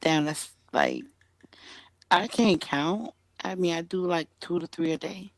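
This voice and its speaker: A woman who works as a relationship consultant, explaining her work in a calm, measured way. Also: lowish voice. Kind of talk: casual chat.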